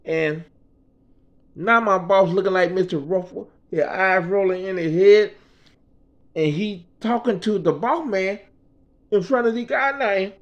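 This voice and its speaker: A man's voice: high voice, measured pace, long pauses. A man casually telling a story, swearing freely and checking in with "right?". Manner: profane, animated, laughing and asking "right?".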